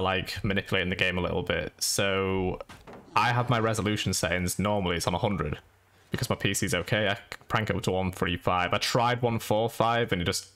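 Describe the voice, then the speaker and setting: A man giving a casual, monotone how-to voice-over for a game guide. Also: deep voice. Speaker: gaming YouTuber. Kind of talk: screen-recorded how-to voice-over.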